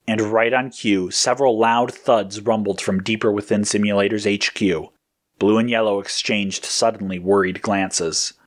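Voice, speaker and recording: A man narrating an adventure story in a steady, even reading voice. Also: on the low side, normal speed.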